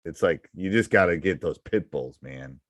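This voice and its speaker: A man's voice: low-pitched, lively intonation, normal speed, a bit bright, no echo. A middle-aged man, a basketball coach hosting a podcast, giving casual advice in an emphatic, repetitive way. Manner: emphatic and repetitive, hammering points home.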